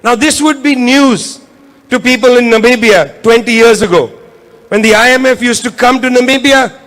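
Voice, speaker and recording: A man's voice: very high voice, normal speed, fairly bright tone. A man giving a keynote political speech, impassioned and driving points home through repetition. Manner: impassioned, repetitive rhetorical emphasis. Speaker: keynote speaker. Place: event hall.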